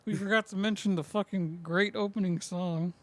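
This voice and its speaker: A man's voice: high voice, fairly even intonation, normal speed, a bit bright, no room sound. A man co-hosting a podcast in laid-back casual chat, adding comments and laughing. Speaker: podcast co-host.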